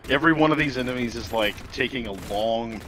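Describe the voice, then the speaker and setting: A man's voice: medium pitch, fast, sharp tone, a little hiss or hum. A man playing a co-op game, chatting casually with dry, wry humor. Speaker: co-op game player. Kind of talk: casual gameplay chat.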